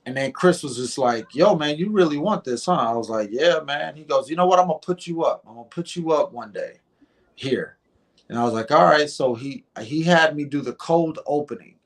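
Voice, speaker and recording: A middle-aged man telling a story in a casual interview, animated and acting out the dialogue, often repeating words. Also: fairly high pitch, normal speed. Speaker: guest comedian.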